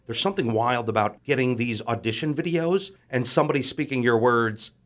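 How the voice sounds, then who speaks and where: A man's voice: mid-range voice, fairly quick, fairly bright tone. A man who is a comedian, chatting as a podcast guest, often repeating words and restarting his sentences. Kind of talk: casual podcast chat.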